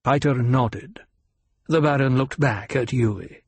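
A man narrating an audiobook in an unhurried, even storytelling manner. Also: mid-range voice, husky, no echo. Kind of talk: scripted narration.

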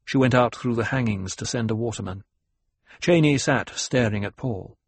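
A man giving a measured, even scripted audiobook narration on a close mic. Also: mid-range voice, slightly rough.

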